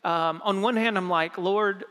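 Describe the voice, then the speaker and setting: A man's voice: fairly high pitch, moderate pace, a bit bright. A young adult man, a pastor, telling a personal story in a sermon, acting out the people in it in a conversational way. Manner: conversational, acts out quoted dialogue. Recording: long reverb of a large hall.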